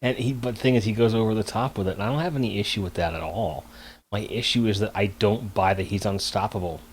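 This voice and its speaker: A man's voice: fairly low pitch, fast, a little hiss or hum. A man co-hosting a casual podcast, blunt and opinionated, swearing freely. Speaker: podcast co-host. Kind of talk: casual chat.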